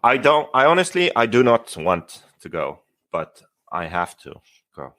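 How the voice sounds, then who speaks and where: A man co-hosting a podcast, talking in a laid-back, low-key way. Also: very animated, unhurried, fairly bright tone. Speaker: podcast co-host. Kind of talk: casual chat.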